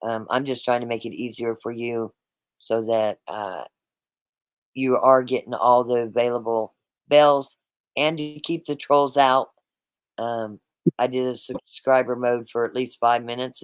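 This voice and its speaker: A man's voice: mid-range voice, steady tone, normal speed, smooth, no room sound, poor audio. A man hosting a livestream, talking straight to his chat in a rambling, repetitive, casual way. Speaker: livestream host.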